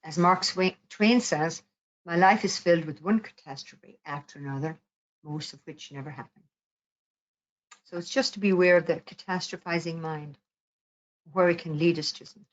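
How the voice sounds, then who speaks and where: A woman teaching mindfulness, explaining calmly and gently with soft pauses before leading a meditation. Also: lowish voice, highs cut off. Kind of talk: guided mindfulness talk.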